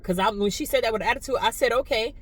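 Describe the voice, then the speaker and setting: A middle-aged woman chatting casually in a vlog, nonchalant and talkative, dropping into hushed asides and then speaking up again, recorded on a phone while riding a bus. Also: on the high side, quick pace, breathy edge, dry recording, rough recording. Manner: nonchalant, chatty, drifts between hushed asides and louder telling. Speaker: vlogger.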